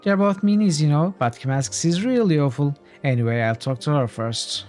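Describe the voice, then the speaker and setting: A man's voice: on the high side, fairly quick, darkish tone, soft background music, pitched above the performer's own voice, lightly acted. A man voicing a timid, sweet-natured young woman in a role-playing game, with a meek, apologetic manner. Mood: relieved.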